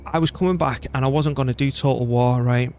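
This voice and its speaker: British male streamer, middle-aged, chatty and self-deprecating, mid-pitched, faint music underneath. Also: fairly quick, darkish tone. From Britain. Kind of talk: casual gameplay commentary.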